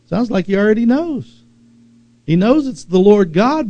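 A man preaching a sermon as pastor to a church service, with emphatic repeated phrases, sudden loud peaks and calls to the congregation. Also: sits high, expressive, normal speed, vocal fry, dry recording, highs cut off.

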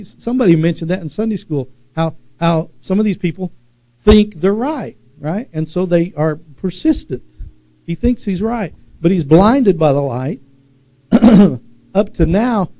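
A man preaching a sermon as pastor to a church service, with emphatic repeated phrases, sudden loud peaks and calls to the congregation. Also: sits high, dry recording, rough recording.

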